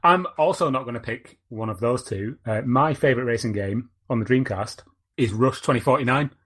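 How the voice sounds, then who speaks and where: A man's voice: medium pitch, a little fast, fairly bright tone, husky. A man hosting a podcast, chatting casually and rambling as he searches for words. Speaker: podcast host.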